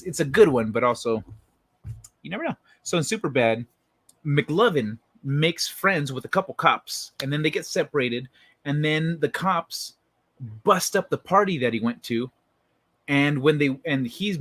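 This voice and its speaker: A man's voice: mid-range voice, fairly bright tone, no room sound. A man live-streaming, chatting casually with viewers and telling stories in a rambling, profane way.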